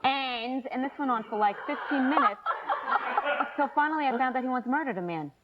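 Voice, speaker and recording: A woman's voice: high voice, fast. A woman telling family stories in talk show chat, acting out relatives' voices. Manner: animated, acts out family members' voices. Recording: muffled old VHS tape with loud hiss.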